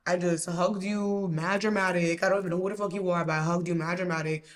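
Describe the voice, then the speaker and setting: Slangy, low-voiced woman podcast host. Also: fairly even intonation, fairly quick, hardly any pauses. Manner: profane, exclamatory, slangy. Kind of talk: casual storytelling monologue.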